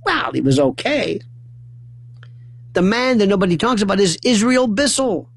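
Hosting a late-night call-in radio show, a man with a high-sitting, sing-song voice talks at normal speed. His monologue rambles, repeatedly breaking off and restarting, punctuated by sudden loud outbursts.

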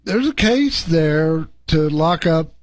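A man's voice: on the high side, lively intonation, slow pace, no room sound, low-quality recording. A middle-aged man hosting a call-in radio show about cars, chatty and easygoing as he gives advice. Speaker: radio car show host.

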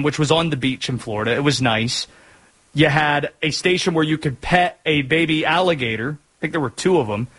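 A man's voice: a little high, a bit bright, low-quality recording. A married man from North Carolina hosting a sports podcast, chatting casually with rambling joking asides.

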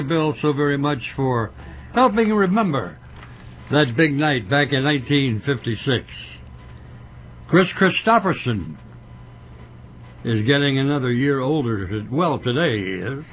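A man hosting a radio music show, telling stories about artists in a folksy, unhurried way. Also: fairly high pitch, fairly bright tone, slight background noise. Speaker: radio host. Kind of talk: radio DJ patter between songs.

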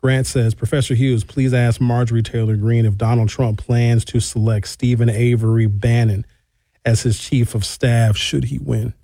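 A man's voice: mid-range voice, level tone, normal speed, dark tone, no echo. A man hosting a radio talk show, reading listener texts aloud and answering them in a frank, conversational way from the studio. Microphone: studio microphone.

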